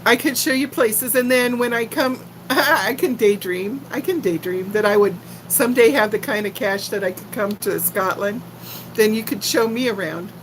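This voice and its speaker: A woman's voice: on the high side, moderate pace, a little hiss or hum, poor audio. An older woman from Texas with a faint Texan accent, chatting casually and giggling with viewers on a livestream. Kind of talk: casual live chat.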